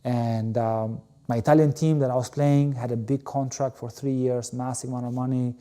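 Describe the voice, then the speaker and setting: An interview guest from Albania who used to play volleyball tells his story with emphasis, repeating words and saying "you know" a lot. His voice is warm, medium in pitch and steady, at a moderate pace, as he tells his story with animation.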